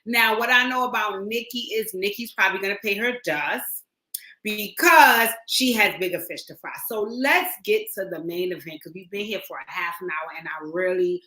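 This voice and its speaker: A woman's voice: medium pitch, normal speed, bright, forceful tone. A woman in her forties giving casual, rambling commentary on a livestream from her phone, full of slang and repeated phrases. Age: 40s. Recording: roomy echo.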